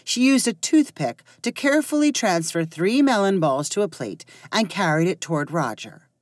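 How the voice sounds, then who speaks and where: A woman narrating a story aloud in an expressive reading voice. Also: lowish voice, normal speed, no room sound, studio quality.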